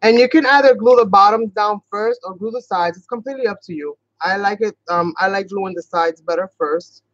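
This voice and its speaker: A talkative woman from New York with a Boston-sounding accent rambles cheerfully through a craft tutorial livestream. Her voice sits at a middling pitch and sounds close and dry. The recording is a little dull and muffled. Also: no room sound. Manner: chatty, rambling, talks fast at times. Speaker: craft channel host.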